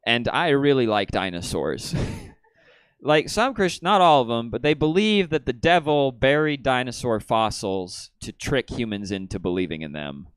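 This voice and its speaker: A man doing a stand-up comedy set on a theater stage, shifting from deadpan storytelling to excited outbursts. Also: medium pitch, normal speed, smooth, dry recording.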